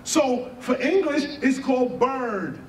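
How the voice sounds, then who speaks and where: Guy lecturing slow and emphatic, lots of questions, spelling out words, mic kinda far, faint hum behind. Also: extremely high pitch, animated. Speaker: speaker giving a talk. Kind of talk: rhetorical lecture. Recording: echoey room, far from mic, faint ambient noise.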